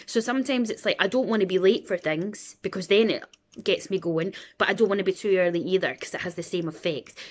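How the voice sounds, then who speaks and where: A woman's voice: mid-range voice, a little fast. A Scottish woman in her thirties, rambling in a casual chat and acting out the voices of people in her stories. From Scotland. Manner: chatty and rambling, acts out quoted voices. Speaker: vlogger.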